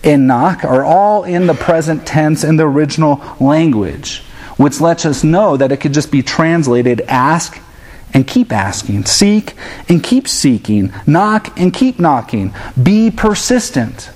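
A man in his thirties preaches with a slightly higher-than-usual voice. His delivery is earnest and direct. He drops into playful impressions of his children to illustrate his points. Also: lively intonation, a little slow, darkish tone. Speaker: pastor. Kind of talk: sermon.

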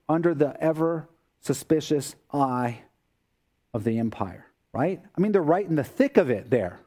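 A man's voice: a little high, dark tone. A man preaching a sermon as a pastor, explaining scripture in a conversational way with everyday asides.

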